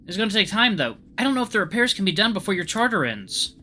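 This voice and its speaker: A man's voice: high voice, big pitch swings, fast, sharp tone, slight background noise, voice pushed up, full character voice. A man voicing an anxious young woman on a ship's crew, nervously explaining. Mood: worried.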